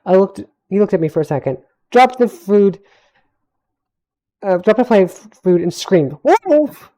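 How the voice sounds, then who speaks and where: A man's voice: high-pitched, animated, normal speed, warm tone. A young man reads his own fantasy tale aloud on a home stream, speaking into a desk mic. He trips over words, backs up to correct himself, and breaks off for small asides. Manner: stumbling, self-correcting reading with asides. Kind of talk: live read-through of a fantasy story.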